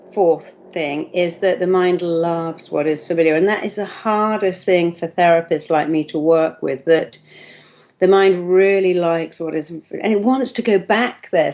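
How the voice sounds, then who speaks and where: A woman's voice: on the low side, lo-fi sound. A woman therapist giving a motivational talk, acting out the voices of the people she quotes. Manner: lively, acts out quoted voices.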